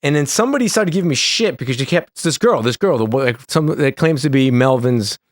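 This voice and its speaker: A man's voice: medium pitch, animated, a little fast, no room sound, studio quality. A man telling a rambling backstage story as a podcast guest, full of swearing and restarts. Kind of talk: casual storytelling chat.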